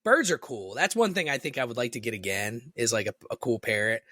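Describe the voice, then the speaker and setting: A man in his thirties co-hosting a loose podcast conversation, his voice bright and forward. He tells stories with plenty of swearing and jumps high when he mimics someone. The recording is close and dry, with no room sound. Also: lively intonation, a little fast, no room sound. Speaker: podcast co-host. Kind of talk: casual chat.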